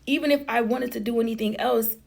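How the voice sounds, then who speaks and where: A woman with a deeply gravelly husky voice. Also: steady tone, quick pace, darkish tone. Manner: blunt, profane, chatty retelling. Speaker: vlogger. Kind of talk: casual storytelling to camera.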